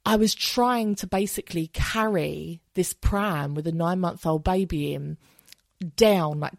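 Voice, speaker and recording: A woman's voice: lowish voice, gravelly, no echo. An English woman in her thirties hosting a solo podcast, talking candidly and chattily and swearing freely. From England. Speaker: podcast host. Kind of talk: casual solo podcast monologue.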